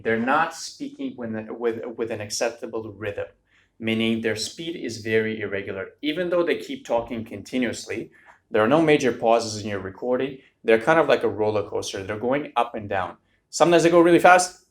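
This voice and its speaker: Male exam tutor, slightly low pitch, brisk and direct to camera. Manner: direct, energetic, addresses viewers as "you guys". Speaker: exam coach.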